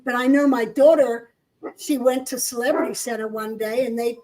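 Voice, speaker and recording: A woman's voice: a little high, steady tone, normal speed, mellow, poor audio. An older woman co-hosting a casual discussion, telling stories in an earnest way. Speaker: co-host. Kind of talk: casual chat.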